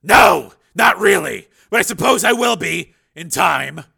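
A man's voice: a little high, big pitch swings, brisk, creaky, pushed and bright, breathy edge, pitched above the performer's own voice, full character voice. A man voicing a weary man who sighs and speaks in a subdued way. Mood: sad. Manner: sighing, subdued. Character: weary, sad man recovering from an ordeal.

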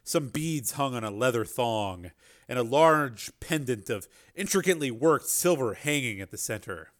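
A man's voice: medium pitch, expressive, moderate pace. A man narrating a chapter of an adventure novel as an audiobook reader. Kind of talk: scripted narration.

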